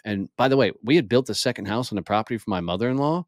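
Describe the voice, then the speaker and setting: A man's voice: fairly low pitch, animated, rapid-fire, few pauses, dry recording, studio quality. Blunt, profane man telling his story. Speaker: podcast guest. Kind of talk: candid storytelling interview.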